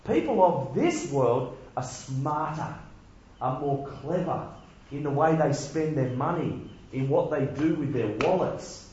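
A man's voice: a little high, lively intonation, a little slow, mellow, heavy reverb, lo-fi sound. A man giving a conversational sermon full of rhetorical questions. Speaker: preacher.

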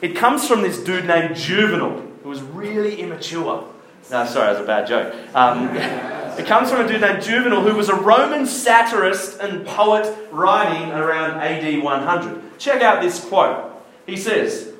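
A man's voice: high voice, animated, normal speed, a bit bright, a little hiss or hum. A man giving a casual, jokey church talk and asking the room questions. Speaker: youth speaker. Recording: echoey hall.

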